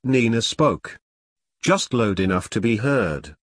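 A man narrating a first-person story as an audiobook reader, telling it in an expressive, storytelling way. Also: on the low side, slow pace, no room sound, clean studio sound.

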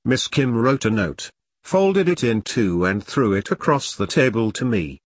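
A man narrating a story in a lively, expressive reading. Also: mid-range voice, unhurried, dry recording, clean studio sound.

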